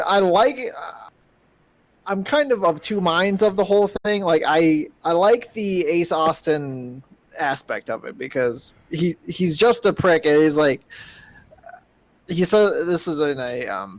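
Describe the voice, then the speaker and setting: A man's voice: on the high side, animated, slow pace, dry recording, low-quality recording. A man co-hosting a casual wrestling podcast, laid-back and a bit hesitant, laughing along with his partner. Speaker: podcast co-host.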